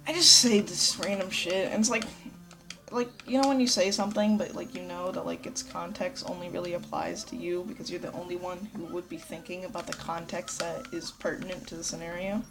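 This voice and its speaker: A woman giving casual, rambling let's play commentary, swearing a lot. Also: on the low side. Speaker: gameplay commentator.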